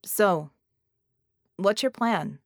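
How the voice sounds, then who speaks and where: A woman voicing a formerly deaf armored male hero who speaks in an odd flat, deadpan way, in an audiobook. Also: mid-range voice, very slow, no echo, clean studio sound. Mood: dry. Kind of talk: audiobook character voice.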